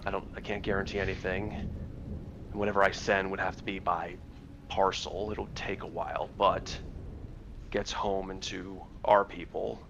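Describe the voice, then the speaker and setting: A man playing his character in a tabletop game, speaking in an earnest, reassuring, halting way. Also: sits low, flat delivery, creaky. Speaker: player. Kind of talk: in-character role-play. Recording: muffled, noisy mic.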